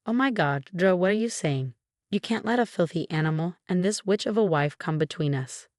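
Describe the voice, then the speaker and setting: A domineering older mother-in-law, indignant and self-pitying, as a woman reads her lines. The voice sits low and sounds dry and close, with no room around it. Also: lively intonation, normal speed, a little mellow, no room sound, close to an everyday voice. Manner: indignant, complaining.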